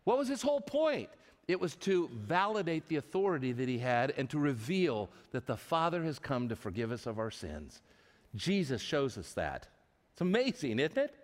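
A man's voice: on the high side, normal speed. A man preaching a sermon to a live congregation in a church, retelling stories with animation and often restarting his words. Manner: animated storytelling with frequent restarts. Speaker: pastor. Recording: long reverb of a large hall.

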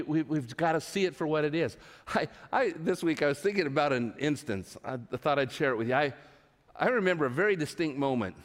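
A male pastor telling a personal story in a sermon, chatty and self-deprecating, stumbling over his words as he goes. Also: medium pitch. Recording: long reverb of a large hall.

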